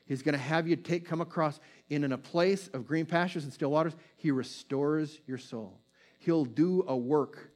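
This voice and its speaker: A man delivering a sermon as a pastor, moving between quick bursts and slow, hushed phrases. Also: fairly high pitch.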